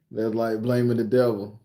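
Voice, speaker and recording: A man from southern Florida, a spiritual reader hosting a casual live stream on his phone. He talks in a bawdy, joking, loud way. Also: lowish voice. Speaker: spiritual reader and channel host.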